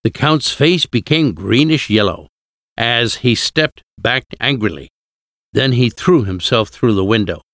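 A man narrating a storybook in a measured, deliberate reading. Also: medium pitch, lively intonation, fairly bright tone, dry recording, studio quality. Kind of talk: audiobook reading of a classic novel.

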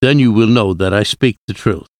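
A man's voice: fairly low pitch, moderate pace, no room sound, clean studio sound, lightly acted. A man doing a grave old professor. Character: grave older male professor, solemn and wise.

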